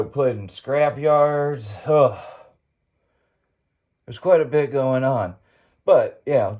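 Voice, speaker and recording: Low, mellow-voiced man rambling through a story. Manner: rambling, folksy, swearing. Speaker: podcast host. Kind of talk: casual storytelling monologue.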